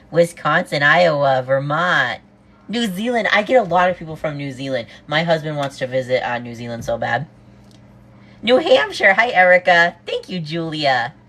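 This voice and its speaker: Bubbly East Coast woman, lowish voice, cooks live while chatting to her viewers. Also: fairly bright tone. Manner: bubbly, greets viewers one after another, says "oh my God" often. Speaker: livestreamer cooking while greeting viewers. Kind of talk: casual livestream chat.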